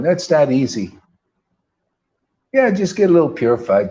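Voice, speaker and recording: A man's voice: on the high side, sing-song, moderate pace, long pauses, warm tone, slight background noise. A man preaching a sermon in an emphatic, colloquial style, full of rhetorical questions. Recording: dull lo-fi recording.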